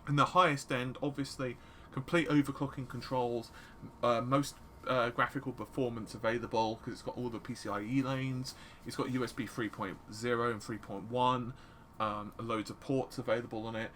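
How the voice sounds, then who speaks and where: A man co-hosting a casual tech podcast, excitable and quick to jump in with jokes. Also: mid-range voice, a little hiss or hum. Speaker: podcast co-host.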